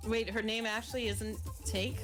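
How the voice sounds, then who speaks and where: A woman chatting casually on a stream, wry and quick to laugh. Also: fairly high pitch, level tone. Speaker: streamer co-host. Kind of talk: casual chat. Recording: music playing behind.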